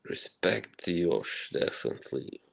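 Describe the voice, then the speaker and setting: Gravelly-voiced man chatting on a live stream. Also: low voice, big pitch swings, a little slow, rough recording. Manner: chuckles often between remarks. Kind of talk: casual chat reading viewer comments.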